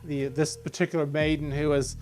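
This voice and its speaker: A man narrating as game master of a fantasy tabletop game, relaxed and often laughing. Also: a little high, a little fast, soft background music.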